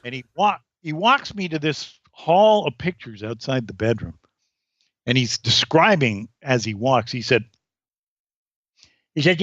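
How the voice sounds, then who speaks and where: Animated male storyteller, podcast guest, lively pitch, dry lo-fi recording. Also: unhurried, pauses often, no room sound. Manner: animated storyteller, acts out voices. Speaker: comedian guest. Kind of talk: podcast anecdote telling.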